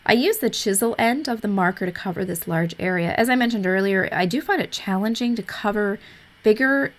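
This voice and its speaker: A woman narrating a coloring tutorial in an easygoing, explanatory way, a little hoarse as she is losing her voice. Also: mid-range voice, a little fast. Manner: easygoing, explanatory, with frequent fillers. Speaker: art tutorial host.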